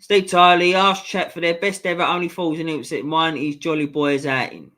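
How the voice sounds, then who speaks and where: A man's voice: a little high, little pitch movement, moderate pace, pushed and bright. Sweary man reading live chat. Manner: blunt, sweary banter with chat viewers. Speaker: live stream host. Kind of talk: casual live-stream chat reading viewer comments.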